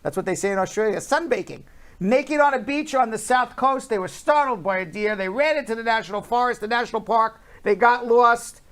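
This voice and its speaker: A man's voice: extremely high pitch, brisk, fairly bright tone. Guy hosting a news chat show, jokey and loose, stretches out the numbers. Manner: chatty, jokey, drawls out numbers. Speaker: host.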